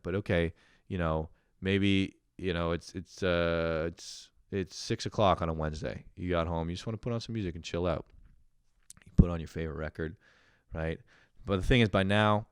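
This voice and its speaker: A man's voice: deep voice, smooth, no echo, studio quality. A young man in his twenties, a podcast host telling a rambling story and ranting with constant swearing and laughter. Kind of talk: profane comedic rant.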